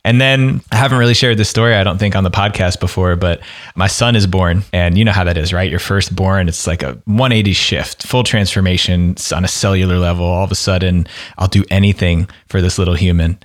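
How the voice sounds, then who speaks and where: A man hosting a podcast, telling a candid personal story in an earnest, conversational way. His voice sits low, and he speaks plainly and openly. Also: brisk. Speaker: podcast host.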